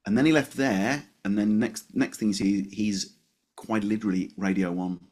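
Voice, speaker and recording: A man co-hosting a podcast in casual chat, animated and quick to laugh at his own jokes. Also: fairly low pitch. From West Yorkshire, England. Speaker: podcast co-host.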